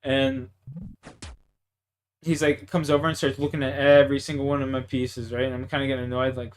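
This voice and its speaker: A man's voice: mid-range voice, fairly quick, pauses often, slight background noise. A man from Canada, chatting casually and cursing while streaming a game and telling stories. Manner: profane, excitable storytelling with laughs. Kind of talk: casual chat while gaming.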